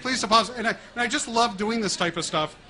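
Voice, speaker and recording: A middle-aged American man telling stories in a lively way, acting out prank calls and laughing along. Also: high-pitched, fairly quick. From United States. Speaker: guest speaker. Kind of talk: storytelling talk.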